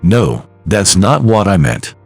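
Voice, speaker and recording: A man's voice: deep voice, big pitch swings, slow pace, creaky, a little mellow, slightly rough, no echo, soft background music, pitched below the performer's own voice, exaggerated voice. A man voicing an arrogant male sales manager who speaks nervously and falters. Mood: defensive. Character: arrogant male sales department head, rattled.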